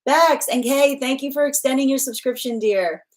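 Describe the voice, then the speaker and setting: Hosting her tarot livestream, a young adult woman speaks at normal speed in a high-pitched voice. She chats loosely with viewers, laughing a lot and starting over many times.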